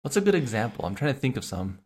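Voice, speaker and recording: A young adult man co-hosting a casual podcast chat, talking in a searching, halting way full of "you know". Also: medium pitch, very animated, breathy edge. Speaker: podcast co-host.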